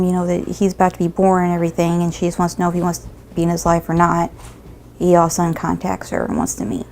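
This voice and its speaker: A woman's voice: on the low side, darkish tone, a little hiss or hum. A woman in an interview clip, recalling her missing sister in a regretful, self-blaming way. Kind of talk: interview recollection.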